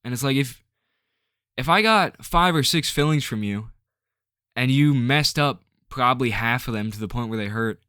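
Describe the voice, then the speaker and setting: Man, vlog rant, rambling, frustrated, filler-heavy, mid pitch, dry close sound. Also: normal speed, pushed and bright, smooth, no echo. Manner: rambling and frustrated, full of "like" and restarts. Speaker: vlogger. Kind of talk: ranting to camera.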